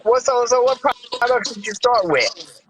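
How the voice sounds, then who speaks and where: Male podcast host, high and bright voice, upbeat and slangy, faint noise behind. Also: measured pace. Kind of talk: casual podcast interview.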